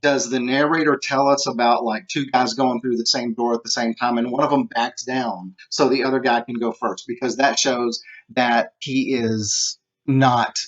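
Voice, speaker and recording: Casual teacher, dull lo-fi sound. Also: male voice, mid-range voice, steady tone, normal speed, a bit bright. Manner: conversational, repeats "okay", acts out examples. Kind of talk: casual recorded lesson. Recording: dull lo-fi home recording.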